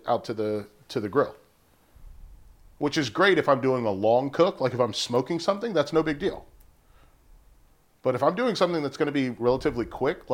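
A man co-hosting a podcast in casual chat, rambling through stories with bursts of high laughter. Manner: rambling, animated storytelling with high-pitched laughs. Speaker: podcast co-host.

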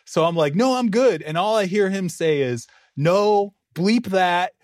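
A man co-hosting a sports podcast, telling a story in lively casual chat and laughing often. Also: high voice, a little slow, no echo, clean studio sound. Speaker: podcast co-host, NFL writer.

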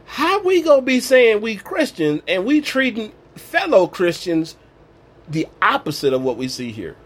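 Male preacher, slightly high, husky, emphatic and casual. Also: very animated, unhurried, fairly bright tone. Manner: emphatic, colloquial preaching with acted-out quotes. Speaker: Bible teacher. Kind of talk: informal sermon.

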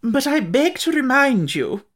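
Storybook figure: a self-important educated male bug, read by a woman, pitched high and grand. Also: big pitch swings, a little slow, a bit bright, heavily acted. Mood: alarmed. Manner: self-important, dramatic, shrill rises. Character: pompous learned male giant insect. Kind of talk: audiobook character reading.

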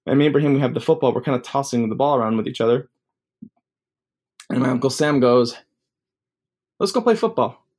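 A man's voice: medium pitch, fairly even intonation, quick pace, pauses often, darkish tone. Rambling young man telling a story. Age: 20s. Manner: rambling, many fillers. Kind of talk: casual storytelling.

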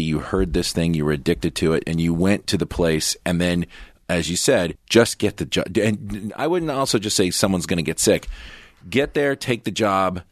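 A man's voice: sits low, no echo, studio quality. A man interviewing a guest in casual chat, earnest and often restarting and repeating words as he frames his questions. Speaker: podcast interviewer.

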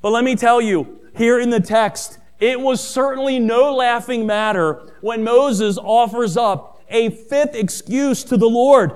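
A middle-aged man preaching a sermon who tells stories, calls his listeners family, and rises in pitch and volume on key points. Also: steady tone, measured pace, hardly any pauses, smooth. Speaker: pastor.

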